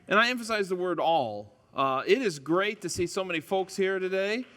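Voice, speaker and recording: A male pastor talks to his congregation in a loose, joking way, tripping over his words and starting over. His voice is bright and a little high. It rings with the long reverb of a church hall. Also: animated, normal speed, hardly any pauses. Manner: chatty and self-deprecating, stumbles and restarts. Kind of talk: casual, joking sermon opening. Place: church sanctuary.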